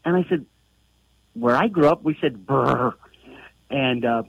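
A man's voice: mid-range voice, a little mellow, no echo, highs cut off. Male caller, middle-aged, friendly storyteller, dry sound. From United States. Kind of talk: call-in radio chat.

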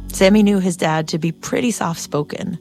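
A woman's voice: lowish voice, moderate pace, a little mellow, faint music behind. A woman host narrating a story and asking curious, attentive questions. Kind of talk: scripted narration and interview questions.

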